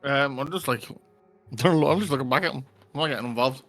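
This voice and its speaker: A man's voice: mid-range voice, a little fast, a bit bright, soft background music. A man playing a tabletop game, talking hesitantly with fillers and some laughs. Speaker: player. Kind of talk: casual game chat.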